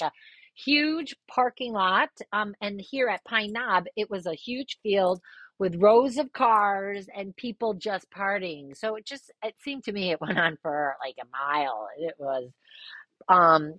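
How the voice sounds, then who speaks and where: A woman in her fifties casually telling a personal story, lively and swearing, jumping up in pitch when she quotes people. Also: no echo, low-quality recording.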